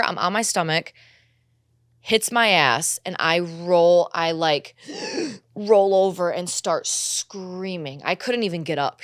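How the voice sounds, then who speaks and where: A woman's voice: on the low side, a bit bright, no echo, studio quality. A young woman co-hosting a podcast, telling a personal story in candid casual chat, swearing freely and acting out her own quotes. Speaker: podcast co-host.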